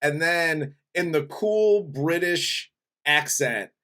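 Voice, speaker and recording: A man's voice: on the high side, animated, takes it slowly, bright, forceful tone. Laid-back man recapping a movie. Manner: laid-back, recaps the plot, laughs easily. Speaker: film review podcast co-host. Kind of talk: casual movie review chat.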